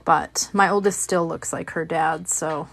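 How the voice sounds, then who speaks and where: Chatty low-voiced woman crafting on camera. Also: fairly even intonation, measured pace, vocal fry, fairly bright tone. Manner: chatty, rambling, many fillers and restarts. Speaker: crafting channel host. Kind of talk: casual chat while crafting.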